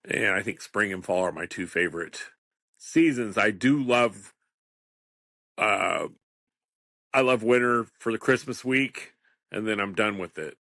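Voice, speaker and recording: A man's voice: fairly low pitch, animated, measured pace, pauses often, a bit bright, no room sound, clean studio sound. A man in his fifties, hosting a solo podcast in a rambling, chatty way and chuckling often. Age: 50s. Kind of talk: casual solo podcast monologue.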